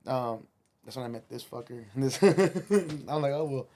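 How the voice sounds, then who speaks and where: A man's voice: mid-range voice, animated, unhurried, dark tone, slight background noise. A man, a musician guest on a podcast, telling a rambling, profane story and slipping Spanish phrases into his English.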